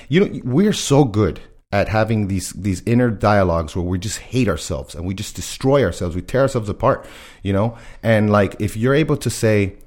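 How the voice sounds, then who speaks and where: A man co-hosting a podcast, talking earnestly, quick to laugh and acting out his own inner voice. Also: on the low side, a little mellow. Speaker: podcast co-host. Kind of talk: casual chat.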